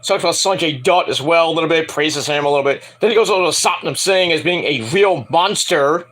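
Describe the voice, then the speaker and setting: Young male reviewer, high bright voice, lively rambling delivery. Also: brisk. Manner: rambling, animated, mimics wrestlers in shouted bursts. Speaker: wrestling show reviewer. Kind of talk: casual solo review.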